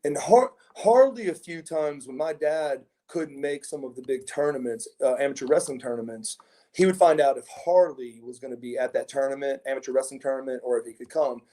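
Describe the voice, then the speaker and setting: A middle-aged man in an interview, reminiscing about his wrestling days in a mellow, warm voice. He rambles, stumbles over repeated words and restarts his sentences, and chuckles between anecdotes. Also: mid-range voice, a little fast. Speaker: interview guest, former pro wrestler. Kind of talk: casual anecdotal storytelling.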